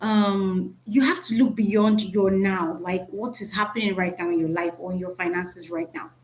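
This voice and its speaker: A woman's voice: mid-range voice, steady tone, moderate pace, a little mellow. A woman teaching a live online class over a video call, chatty and often checking in with "right?". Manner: chatty, repeats "right?", asks the audience.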